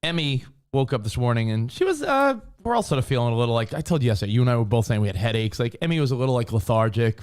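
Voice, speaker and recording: A man co-hosting a talk show, chatting casually and acting out quotes in high voices. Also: very fast, few pauses, clean tone. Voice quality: animated storyteller, acts out quotes in high voices. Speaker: radio show co-host. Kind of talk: casual banter.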